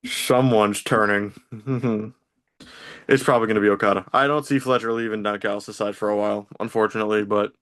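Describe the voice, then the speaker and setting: A man's voice: on the low side, level tone, fast, a bit bright, no echo. A man co-hosting a podcast in casual wrestling chat, blunt and laughing often, swearing freely. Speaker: podcast co-host.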